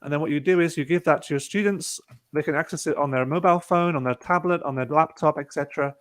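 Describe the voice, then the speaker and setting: A man leads an online workshop for teachers, explaining each step of a lesson-building tool in an unhurried, easygoing way. His voice sits a little high for a man, and he talks as if over a video call. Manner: relaxed, talks through clicks step by step with fillers. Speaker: presenter demonstrating a teaching platform. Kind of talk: casual online webinar demo.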